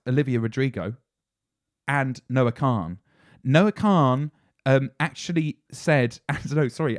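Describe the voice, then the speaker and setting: A man's voice: mid-range voice, no room sound, studio quality. A man hosting a podcast, telling news stories in a casual, laughing, self-deprecating way. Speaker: podcast host.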